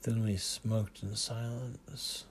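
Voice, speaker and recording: A man reading a first-person science fiction audiobook in a measured, dry storytelling manner. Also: lowish voice, level tone, slight background noise. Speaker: audiobook narrator. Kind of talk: first-person scripted narration.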